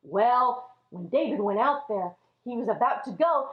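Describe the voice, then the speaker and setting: A woman teaching a children's Sunday school lesson, telling the story in an animated way and addressing the kids as friends. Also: a little high, normal speed. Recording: echoey room, dull lo-fi audio.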